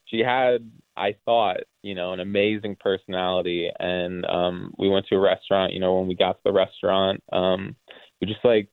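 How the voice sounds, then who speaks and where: Gravelly man on a phone line. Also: sits low, fairly even intonation, no room sound. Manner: halting, with many ums and restarts. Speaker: caller. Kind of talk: phone-in radio chat.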